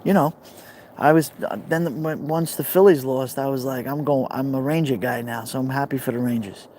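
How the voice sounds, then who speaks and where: A man's voice: mid-range voice, fairly even intonation, moderate pace, darkish tone, slight background noise. A man with a Brooklyn accent, live streaming outdoors by a fire pit, rambling casually and answering viewer comments. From New York.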